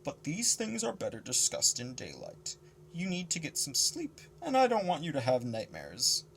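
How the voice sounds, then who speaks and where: A man reading the lines of a calm, learned older male mentor in a measured, explanatory way. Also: fairly high pitch, gravelly, slight background noise, heavily acted, rough recording. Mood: firm. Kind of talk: audiobook character reading.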